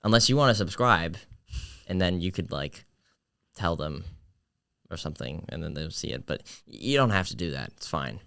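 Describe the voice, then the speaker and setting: A man's voice: deep voice, animated, moderate pace, gravelly, pushed and bright, smooth. A young man hosting a casual interview, joking and rambling playfully with his guests. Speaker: host.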